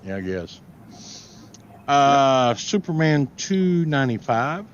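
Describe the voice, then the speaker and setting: A man's voice comes through a dull video call with a faint hiss as he holds up comics from his collection. He reads out issue numbers in a dry, plain way and makes the odd deadpan joke. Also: mid-range voice, takes it slowly. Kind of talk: casual chat on a video call.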